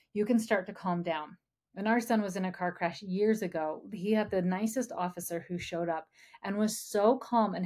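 A woman's voice: mid-range voice, a little mellow. Woman parenting coach, podcast host, encouraging and friendly, talks straight to the listener. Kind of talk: podcast advice talk.

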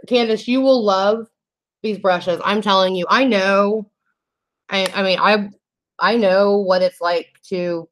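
Chatty woman hosting a live makeup tutorial. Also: lowish voice. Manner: chatty and heartfelt, with frequent restarts and "um". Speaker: makeup vlogger host. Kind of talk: live makeup tutorial chat, reading viewer comments.

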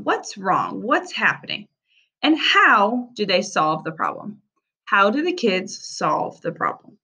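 Woman, teacher, children's reading lesson, animated pitch, bright tone. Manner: slow, clear, sounding out words with animated pitch.

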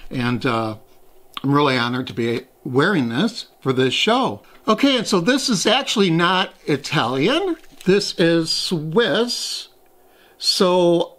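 A man's voice: a little high, fairly bright tone. A man hosting a casual taste-test vlog, talking in a chatty, rambling way and poking fun at himself. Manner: chatty, rambling, self-deprecating. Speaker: host.

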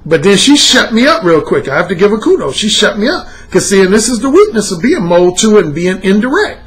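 Animated, high-pitched man telling a story. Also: fairly quick, hardly any pauses. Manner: animated, profane, laughs while talking. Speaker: dating coach. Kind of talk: storytelling monologue.

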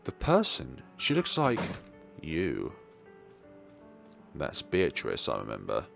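A young man playing through a horror game, reading its lines and adding wry deadpan asides. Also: a bass voice, slow, vocal fry, soft background music. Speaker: let's play host. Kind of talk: gaming commentary and dialogue reading.

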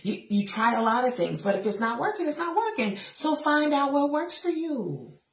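A middle-aged woman giving a faith-based motivational talk from a chair, emphatic and sassy, with lively asides to her listeners. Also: sits high, normal speed, roomy sound. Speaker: motivational speaker. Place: seated in a chair.

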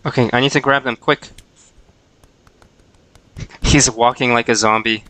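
A man's voice: mid-range voice, steady tone, a little slow, bright, forceful tone, poor audio. A man casually commenting on his own gameplay on a livestream, joking and talking back to the characters. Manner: playful, jokey, talks to the characters. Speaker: streamer.

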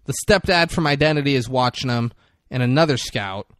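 A man's voice: mid-range voice, a bit bright, no echo. A man co-hosting a podcast, casually recapping a film scene by scene and slipping into short impressions of the characters. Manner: recaps scenes, acting out lines in quick impressions. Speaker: podcast co-host. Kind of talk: casual movie recap chat.

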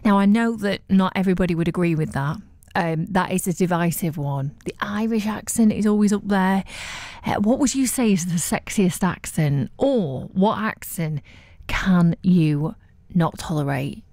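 Mancunian woman radio host, lowish voice, dry close studio mic, chatty and upbeat with filler words. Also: normal speed, a little mellow, dry recording. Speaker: breakfast radio presenter. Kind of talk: chatty live radio presenting. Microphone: studio microphone.

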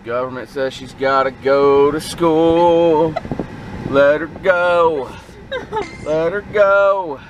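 A man's voice: fairly high pitch, slow pace. A man, a dad filming his family, talking casually with dry, teasing humor. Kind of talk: casual family vlog chat. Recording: noisy handheld camera audio.

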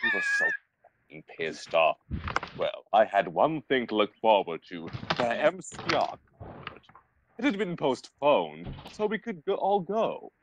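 Lively young man reading mockingly. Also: medium pitch, a little slow, background noise. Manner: sarcastic, animated, reads slips aloud. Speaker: reader in a group reading. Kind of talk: mock-dramatic comedic reading aloud.

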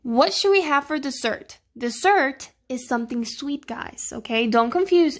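A woman's voice: high-pitched, expressive. A woman teacher, patiently walking children through a grammar lesson and checking in with them often. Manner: slow, patient, checking in with "okay?" and "right?".

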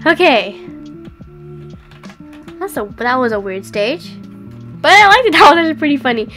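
High, excitable woman playing a game. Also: moderate pace, faint music behind. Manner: excitable, cries out and exclaims. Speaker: gameplay commentator. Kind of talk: casual game commentary.

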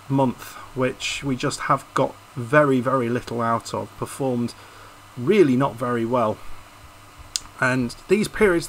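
A man's voice: medium pitch, fairly bright tone, slight background noise, poor audio. A man commentating casually over a football management video game, frustrated and hesitant, often restarting his sentences. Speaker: YouTube gaming host.

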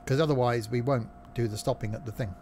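A man chats loosely while he streams a train game, joking at himself and filling gaps with "uh". His voice sits at an everyday middle pitch. Loud engine and track sounds from the game run clearly under everything he says. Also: fairly even intonation, fast, noisy background. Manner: rambling, jokey, many "uh" fillers. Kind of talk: live gameplay commentary.

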